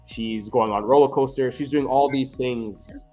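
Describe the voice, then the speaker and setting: A man's voice: mid-range voice, a little slow, faint music behind. A man who works as a physiotherapist, telling earnest stories in a casual interview and often checking in with "right?". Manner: earnest, animated, frequent "right?" tags. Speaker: physiotherapist guest.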